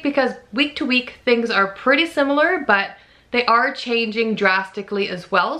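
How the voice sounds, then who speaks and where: A woman in her thirties chatting casually in a vlog, emotional and quick to laugh, sounding tired. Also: fairly high pitch, sharp tone. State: fatigued. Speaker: vlogger.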